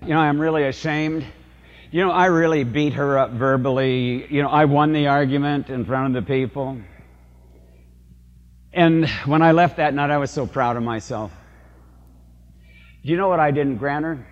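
Older priest preaching in a reverberant hall. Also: male voice, fairly high pitch, normal speed, pauses often, lo-fi sound. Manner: storytelling, confessional, rhetorical questions to the congregation. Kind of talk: sermon.

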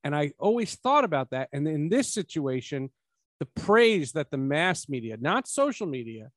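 A man's voice: fairly high pitch, no room sound. A man hosts a casual podcast review, his slightly raised voice climbing as he drives home emphatic points. The sound is dry and close, with little room around it. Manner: animated, rising to emphatic points. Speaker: podcast host. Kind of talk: casual film review chat.

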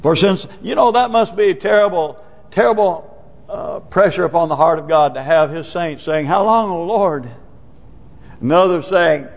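A man preaching a sermon with passion, rising to loud cries and dropping to low murmurs. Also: animated, normal speed, creaky, long reverb tail, muffled recording. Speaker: pastor.

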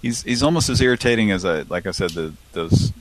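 A man's voice: fairly low pitch, animated, fairly quick. A man co-hosting a live stream, chatting casually and rambling with lots of fillers and restarts. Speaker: co-host of a live prank-call stream.

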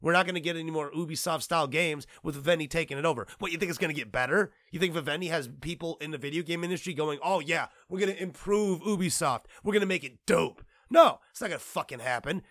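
A man's voice: fairly high pitch, a bit bright, no room sound, studio quality. A man hosting a gaming commentary show, ranting casually and profanely with lots of restarts.

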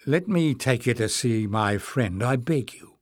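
A man doing a calm, earnest stranger. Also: medium pitch, a little slow, no room sound. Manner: patient, earnest. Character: calm, persuasive male stranger.

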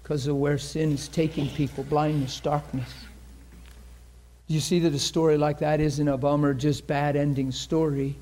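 A man's voice: on the high side, flat delivery, a little slow, warm tone. A man preaching a sermon to a congregation, telling a story in an earnest, conversational way and acting out the voices of the people in it. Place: church in front of a congregation.

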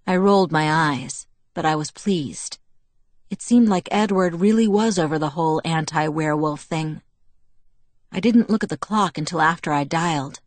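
A woman reading a novel aloud in first person, with steady, measured storytelling. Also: low voice, no echo. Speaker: audiobook narrator.

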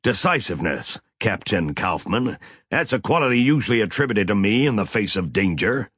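A man's voice: lowish voice, very animated, moderate pace, fairly bright tone, slightly rough, no echo, clean studio sound, full character voice. A man voicing a brash, hotheaded crewman who talks with cocky swagger and taunts. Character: brash, hotheaded male crewman, gun-happy.

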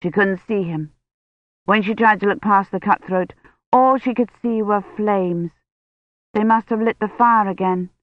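An audiobook narrator reading a novel in a slow, measured way. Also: medium pitch, no echo. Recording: dry tinny phone-like audio.

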